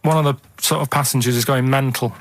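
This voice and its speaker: A man in his thirties with a Manchester accent, telling an odd news story on a radio show in a flat, unbothered way. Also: mid-range voice, fairly quick, dry recording. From England. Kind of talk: deadpan comic radio chat. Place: radio studio. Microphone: studio microphone.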